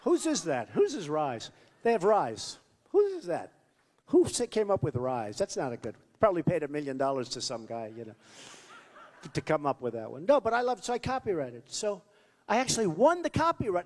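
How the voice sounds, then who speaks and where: Male candidate, boastful, repetitive rally patter, high and lively pitch, long hall reverb. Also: brisk. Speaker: political candidate. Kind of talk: off-the-cuff campaign rally speech. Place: large rally venue.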